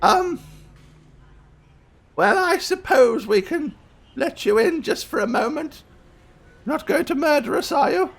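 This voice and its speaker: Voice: sits high, animated, slow, gravelly, pauses often, pitched above the performer's own voice, exaggerated voice. A game master voicing a flustered old grandmother, fretful and apologetic, in a tabletop game. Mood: worn out.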